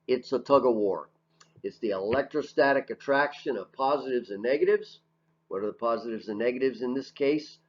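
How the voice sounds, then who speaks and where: A male teacher giving a recorded lecture over slides, talking in a conversational way, asking questions and answering them himself, often tagging "right?". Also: medium pitch. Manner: conversational, asks and answers his own questions, frequent "right?". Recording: dull lo-fi audio.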